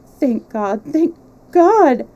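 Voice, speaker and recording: A woman's voice: big pitch swings, drawn-out words, dull audio, exaggerated voice. Woman putting on a shrieking desperate noblewoman. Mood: overjoyed. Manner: shrieking, high and loud. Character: hysterical young noblewoman, desperate and overjoyed.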